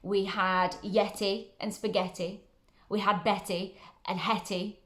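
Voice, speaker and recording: Woman reading a children's story, gentle and encouraging, echoey room. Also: medium pitch, flat delivery, slow. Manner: gentle, encouraging questions to listeners. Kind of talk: reading a picture book aloud to children. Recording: roomy echo.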